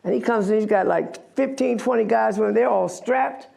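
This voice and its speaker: An American activist in her 80s, speaking as a guest, tells her story to an audience in a gravelly, fairly high-pitched voice at normal speed. She is candid and wry, animated, and laughs at herself along the way.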